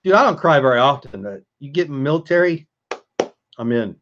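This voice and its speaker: A man's voice: medium pitch, lively intonation, moderate pace, dull audio, noisy background. A man hosting a casual live stream, chatting with viewers and answering chat as he goes.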